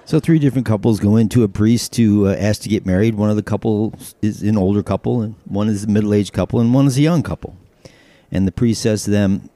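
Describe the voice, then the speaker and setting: Low-voiced male podcast host telling jokes. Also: a little fast, no echo. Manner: storytelling with put-on character voices and shouted punchlines. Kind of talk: casual joke telling.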